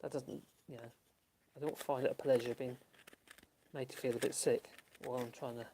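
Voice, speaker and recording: A man with a warm, medium-pitched voice talks at a normal speed with little pitch movement, and there's slight background noise. The woodworking channel host chats casually to the camera while working on a project in his workshop, rambling, chuckling, and talking to himself.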